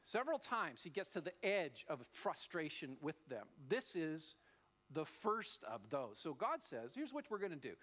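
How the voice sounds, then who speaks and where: Man, pastor, sermon, lively storytelling, expressive pitch. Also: a little slow. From Australia. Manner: animated storytelling, acting out voices.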